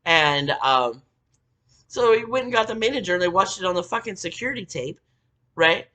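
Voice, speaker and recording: Rambling, profane woman with a lively voice. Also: fairly low pitch, moderate pace. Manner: profane, rambling, full of fillers. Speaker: vlogger. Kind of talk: casual storytelling rant.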